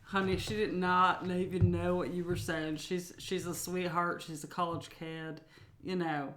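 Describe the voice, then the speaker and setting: A woman from North Carolina with a Southern accent, co-hosting a podcast and telling stories loudly and with animation. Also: on the low side, a little slow, roomy sound. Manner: loud, animated storyteller. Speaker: podcast co-host. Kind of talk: casual chat.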